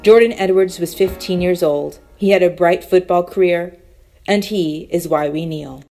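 A woman with a slightly low voice narrates a scripted documentary segment. Her reading is measured and solemn. Faint instrumental music plays behind her. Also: dark tone. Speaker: contributor narrator.

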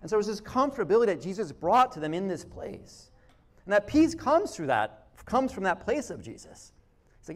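A man preaching a sermon in a relaxed, conversational way, restarting phrases and acting out quotes. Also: high voice, moderate pace. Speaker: pastor.

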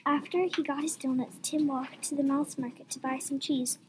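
High-voiced young woman reader, lively delivery, noisy room. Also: moderate pace. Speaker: story reader. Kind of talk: reading a story aloud.

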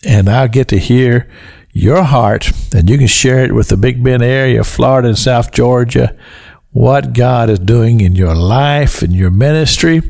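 A man's voice: mid-range voice, a little slow, gravelly, a little mellow. An older man, hosting a Christian radio show in a folksy, earnest, conversational way. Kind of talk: devotional radio talk.

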